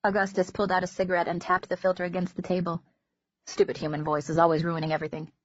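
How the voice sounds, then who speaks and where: A woman narrating an audiobook in a measured, gentle storytelling manner. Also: on the low side, level tone, dry recording. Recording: dull lo-fi recording.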